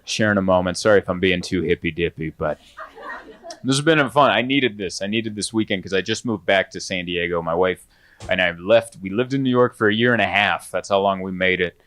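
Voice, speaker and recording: Man, 30s, stand-up comic on a club stage; lively, storytelling, pops into high voices for other characters. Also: a little fast. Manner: animated, mimics other voices in high bursts. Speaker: stand-up comedian. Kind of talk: stand-up comedy set. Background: audience laughter.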